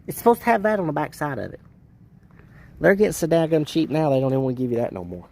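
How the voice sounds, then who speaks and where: Man, car restorer, frustrated ranting vlog delivery, gravelly voice, garage workshop. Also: fairly high pitch, expressive, fast talker, mellow.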